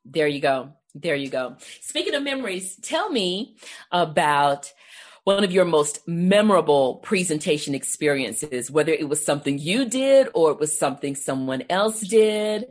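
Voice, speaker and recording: American lady podcast host, lowish voice, asks questions, laughs a lot. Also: big pitch swings, moderate pace. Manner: warm-hearted, laughs easily, asks open questions. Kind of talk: casual interview chat.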